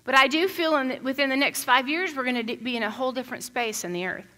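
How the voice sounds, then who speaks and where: Woman pastor, conversational sermon, bright voice, somewhat high, animated storytelling. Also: fast talker. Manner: animated, chatty storytelling with frequent restarts.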